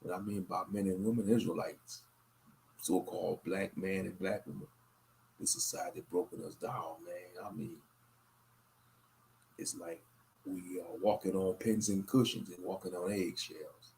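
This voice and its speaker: A tired man rambles through a late-night livestream in a very low, gravelly voice. His talk is loose and monotone, with little lift from line to line. He sounds worn out. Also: unhurried, a little hiss or hum. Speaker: livestream host.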